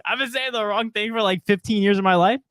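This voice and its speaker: Brief: young male podcast co-host, slightly high voice, playful and loose, dry close sound. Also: fast, a bit bright, smooth, no room sound. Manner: playful, laughs often, reads out viewer comments. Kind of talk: casual sports chat.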